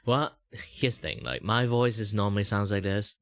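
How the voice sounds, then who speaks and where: A man's voice: normal speed, dry recording, studio quality. A young man from Malaysia with a light British lilt on his Malaysian English chats casually on a livestream. He rambles and stretches out his words. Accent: Malaysian English with a slight British lilt. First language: Mandarin. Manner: rambling, jumps between high and low pitch. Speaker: VTuber streamer.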